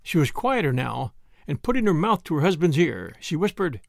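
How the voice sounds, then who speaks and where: A man narrating a classic short story as the podcast's reader, in a measured storytelling manner. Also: a little high, big pitch swings, gravelly, a little mellow, no room sound, studio quality. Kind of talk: scripted narration.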